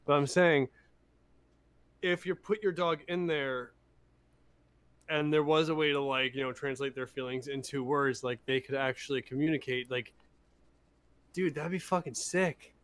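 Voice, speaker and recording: A man co-hosting a casual podcast, excitable and laid-back with a drawling surfer-like manner. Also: medium pitch, moderate pace, smooth. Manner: excitable, laid-back, says he sounds like a stoner. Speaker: podcast co-host. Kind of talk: casual chat.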